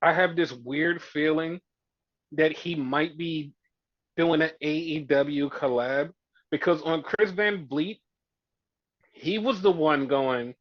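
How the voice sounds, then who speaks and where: A man's voice: on the high side, slow, no room sound, lo-fi sound. A man co-hosting a podcast, ranting heatedly and profanely, often mimicking fans. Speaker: podcast co-host. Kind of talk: casual opinion rant.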